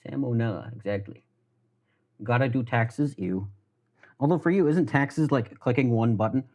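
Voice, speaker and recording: A man's voice: mid-range voice, normal speed, darkish tone. A young American man with an American accent, chatting loosely and swearing as he cooks in his home kitchen on a live stream. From United States. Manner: rambling, self-deprecating, swears casually. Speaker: livestreamer. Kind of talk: casual live-stream chat while cooking. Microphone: headphones with mic.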